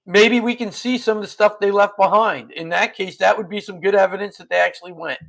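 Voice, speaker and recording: A man from New Jersey co-hosting a casual livestream. His voice is high with a gravelly edge. He is laid-back and drops wry asides. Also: fairly even intonation, brisk, a bit bright. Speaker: co-host.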